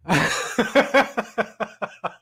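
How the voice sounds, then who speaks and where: A man's voice: high voice, animated, very slow, creaky, bright, forceful tone, husky. A man hosting a show, giving sarcastic, mocking commentary on videos he plays and laughing often. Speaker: host. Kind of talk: casual commentary reacting to videos.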